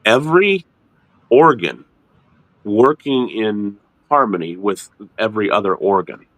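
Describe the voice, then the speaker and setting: Animated middle-aged man, lively pitch. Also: measured pace, dry recording. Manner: animated, repeats and restarts words, jumps into high mock voices. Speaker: ministry host. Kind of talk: casual teaching chat.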